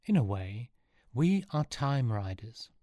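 A man voicing a kind but bossy girl who takes charge, firm yet gentle. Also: medium pitch, very animated, slow, no room sound, clean studio sound.

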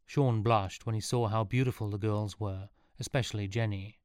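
A man narrating a storybook in a steady, even reading voice. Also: fairly low pitch, normal speed, no room sound, studio quality.

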